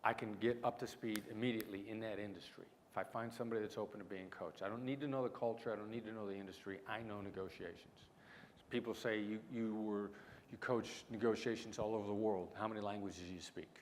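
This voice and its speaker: A middle-aged man with a mix of small-town Midwestern and New York City accent, giving a punchy keynote with dramatic pauses. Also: on the low side, fairly even intonation. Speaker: keynote speaker, negotiation expert. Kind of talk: conference keynote storytelling. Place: large lecture hall. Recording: hall reverb, faint room noise.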